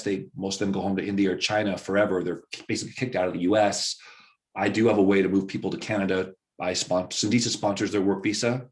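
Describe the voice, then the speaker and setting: A man's voice: on the low side, darkish tone. A man, a company founder, explaining in an interview how his business works, walking through examples and acting out the lines of the people involved. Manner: walks through examples, acts out quoted dialogue. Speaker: founder of an employer firm, interview guest.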